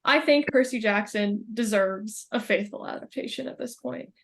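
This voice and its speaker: A young woman guest on a podcast, chatting casually and thoughtfully, often pausing to search for words. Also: on the high side, creaky. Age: young adult. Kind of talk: casual chat.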